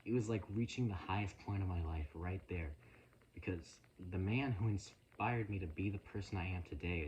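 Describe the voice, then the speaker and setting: A young man vlogging into his phone, telling a story in an earnest, halting, emotional way with a casual rambling style. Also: low-pitched, a little mellow, dull audio, a little hiss or hum.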